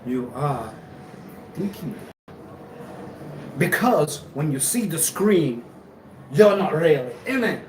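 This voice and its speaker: Slow, rambling man on a live stream. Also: a little high, big pitch swings, a little mellow, far from the mic. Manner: halting, repeats himself, laughs often. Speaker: livestream host. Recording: echoey room, off-mic, noisy ambience.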